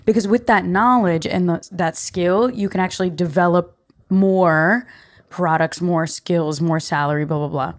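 A woman's voice: fairly low pitch, unhurried. A young woman hosting a podcast, talking casually and emphatically in slangy, chatty life advice. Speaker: podcast host.

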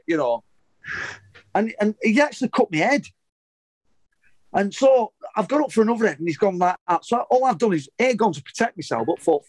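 A middle-aged former footballer, telling a story in an interview in a heated, sweary, rambling way with many restarts. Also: male voice, high voice, big pitch swings, brisk, no room sound, low-quality recording.

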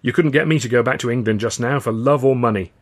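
A man's voice: medium pitch, fast, lightly acted. A man voicing a vain, showy comedian with theatrical, flamboyant charm. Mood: knowing.

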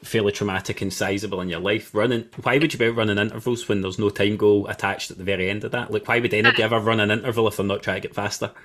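A man's voice: on the low side, fairly even intonation, racing, few pauses, fairly bright tone. A man hosting a podcast interview, encouraging and jokey in manner. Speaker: podcast host. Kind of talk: conversational interview.

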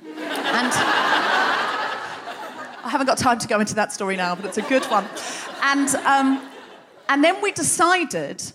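A woman comedian and podcast host telling a personal story live on stage, wry and lively, winding up to real passion. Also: sits high, normal speed, crowd noise, noisy background. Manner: lively, wry, building to impassioned. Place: stage in front of a live audience.

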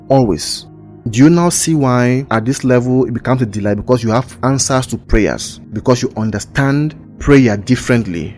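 A man teaches the Bible on his podcast, earnest and emphatic as he builds long repeated lists. His voice sits at an ordinary middle pitch. Soft ambient worship music plays faintly underneath.

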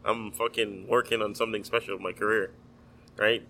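A man's voice: on the low side, flat delivery, a little fast, gravelly, bright, forceful tone, slight background noise, poor audio. A man from the Virgin Islands, a chef, chatting casually in a loose, profane way full of fillers. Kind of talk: casual chat.

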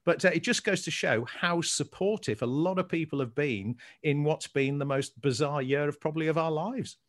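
A man with a Scouse accent co-hosting a casual podcast chat, telling stories in a chatty, animated way. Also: fairly high pitch, moderate pace. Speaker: co-host.

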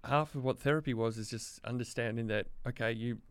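A man in his thirties with an Australian accent, a podcast guest talking candidly and reflectively, often pausing and restarting his sentences. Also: medium pitch, clear, resonant tone, no echo. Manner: reflective, halting, many restarts. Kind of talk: candid conversational interview.

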